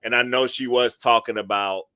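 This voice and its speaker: A man's voice: medium pitch, steady tone, normal speed, bright, forceful tone, clean tone, no room sound. A man co-hosting a podcast, chatting casually and rambling with fillers as he recaps episodes. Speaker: podcast co-host.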